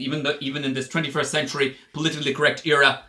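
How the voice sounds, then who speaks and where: A man's voice: on the high side, racing, hardly any pauses, pushed and bright, a little hiss or hum. A man with an Irish accent giving a chatty spoken lesson and explaining things as he goes. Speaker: English teacher. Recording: echoey room.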